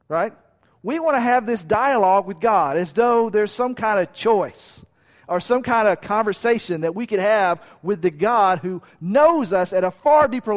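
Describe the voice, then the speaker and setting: Man, preacher, high voice, sermon, emphatic repetition, long hall reverb. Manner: emphatic, repeating phrases in rising lists; drops to a quiet hush at key points.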